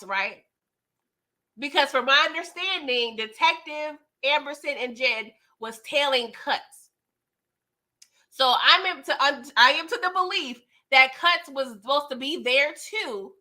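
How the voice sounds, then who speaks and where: A young adult woman hosting a casual live stream, animated and often laughing as she chats with viewers. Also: sits high. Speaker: livestream host reviewing a TV episode.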